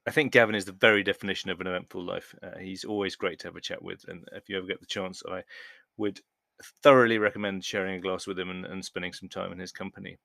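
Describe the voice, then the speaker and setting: Gravelly low podcast host. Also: male voice, steady tone, fast talker, bright, forceful tone, dry recording, studio quality. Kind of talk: podcast interview and outro.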